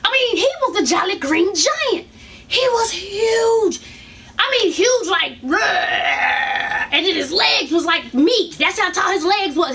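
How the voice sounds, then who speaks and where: High, lively woman telling a profane story. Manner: animated, profane, laughs often. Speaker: vlogger. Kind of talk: casual storytelling.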